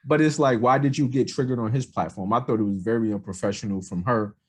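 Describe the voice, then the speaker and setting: A man's voice: mid-range voice, quick pace, breathy edge. A man co-hosting a podcast, talking casually and rambling, with lots of fillers. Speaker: podcast co-host. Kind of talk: casual political chat.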